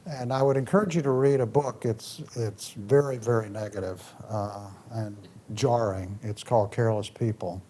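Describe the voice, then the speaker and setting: A man, a former ambassador, giving a public talk and answering questions, with lively storytelling and a restless manner. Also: fairly low pitch, moderate pace, few pauses, a little hiss or hum. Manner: animated storytelling, restless, moves around.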